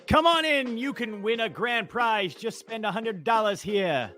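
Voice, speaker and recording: A man's voice: animated, measured pace, pushed and bright, faint music behind, exaggerated voice. A man doing a brash Jersey boardwalk hawker. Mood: hawking. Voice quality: brash, hollering sales pitch. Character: loud male New Jersey boardwalk deli hawker.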